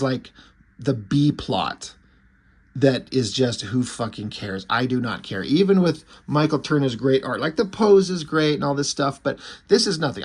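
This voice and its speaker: A man's voice: medium pitch, husky. A man casually recapping a comic book issue, rambling with fillers and swearing freely. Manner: rambling and profane, lots of fillers.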